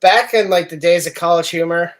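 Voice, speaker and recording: A man's voice: on the high side, a little fast. A man co-hosting a casual podcast chat, easygoing and joking. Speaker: podcast co-host.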